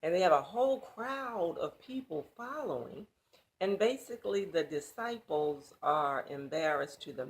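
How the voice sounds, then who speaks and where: A woman teaches a Bible passage in sermon style, speaking slowly in a low voice with a gravelly edge. She's emphatic and slips into casual, colloquial asides.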